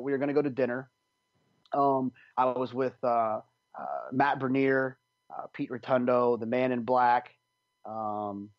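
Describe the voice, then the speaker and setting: A man's voice: medium pitch, dry recording, muffled recording. A man telling a long story on a podcast, rambling with many restarts, acting out what people said. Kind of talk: casual storytelling.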